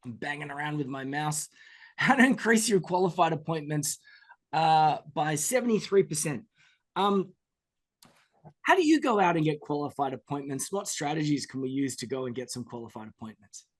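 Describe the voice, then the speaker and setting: A man's voice: fairly high pitch, moderate pace. A man hosting a podcast interview, chatting casually and acting out examples to make his points. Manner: animated, acts out quoted examples. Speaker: podcast host.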